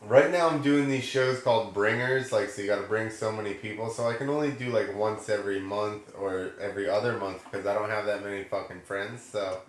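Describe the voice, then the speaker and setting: Low-voiced rambling man on a call. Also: a little fast, few pauses, reverberant. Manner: rambling, filler-heavy, laughs a lot. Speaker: podcast co-host, stand-up comic. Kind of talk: casual chat. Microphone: video call.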